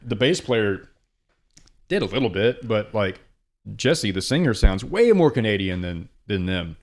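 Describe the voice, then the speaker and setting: A man hosting a casual podcast chat, talking in a brash, profane and excitable way. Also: lowish voice, a little slow. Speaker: podcast host and drummer.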